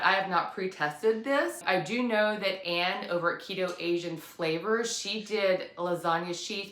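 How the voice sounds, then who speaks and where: A woman's voice: on the low side, pushed and bright, roomy sound. A woman hosting a cooking vlog, chatty and upbeat, talking through her plan in a casual way. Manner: chatty, self-deprecating, upbeat. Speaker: cooking channel host.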